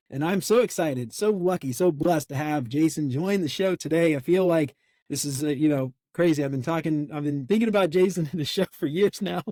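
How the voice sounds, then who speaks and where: A man's voice: fairly high pitch, warm tone, dry recording, clean studio sound. A man hosting his podcast in a casual, enthusiastic, gushing way. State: out of breath. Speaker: podcast host.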